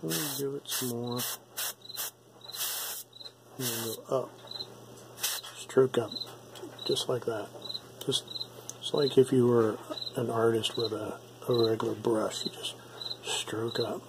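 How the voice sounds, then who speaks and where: A man giving a relaxed, step-by-step painting tutorial, repeating himself and checking in with "okay?" often. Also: medium pitch, takes it slowly, gravelly, pauses often, heavy background noise. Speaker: miniature painting instructor.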